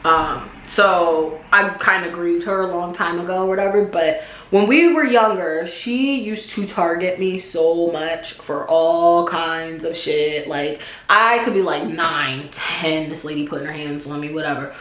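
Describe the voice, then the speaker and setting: A woman's voice: lowish voice, unhurried. Casual profane woman in echoey room. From Pennsylvania, USA. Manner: casual, profane, animated with loud acted-out quotes. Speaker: YouTuber. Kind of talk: storytime vlog.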